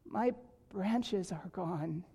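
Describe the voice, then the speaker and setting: A woman reading aloud and voicing a gentle, giving female apple tree in a tender, slow storybook manner. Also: on the low side, breathy edge, full character voice. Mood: sorrowful.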